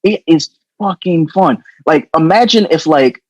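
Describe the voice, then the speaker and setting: A middle-aged man co-hosting a podcast, chatting loosely and profanely with animated storytelling. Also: on the high side, measured pace, dull audio, a little hiss or hum. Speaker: podcast co-host. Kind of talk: casual podcast chat.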